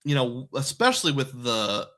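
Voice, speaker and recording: A man's voice: mid-range voice, very animated, moderate pace, bright, forceful tone. A man hosting a livestream, methodically walking through a points plan step by step. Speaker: host. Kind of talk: livestream explainer on credit card points.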